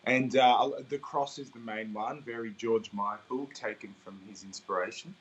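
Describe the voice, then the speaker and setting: A man's voice: mid-range voice, steady tone, normal speed, a little hiss or hum. A young Australian man, an interview guest, talking in an upbeat, chatty way and laughing easily. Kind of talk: casual interview chat. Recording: slightly dull recording, faint ambience.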